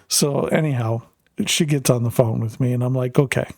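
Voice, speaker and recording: A man's voice: mid-range voice, fairly even intonation, normal speed, a little mellow, no room sound, clean studio sound. A middle-aged Canadian man, a streamer, telling a rambling family story with lots of fillers while gaming.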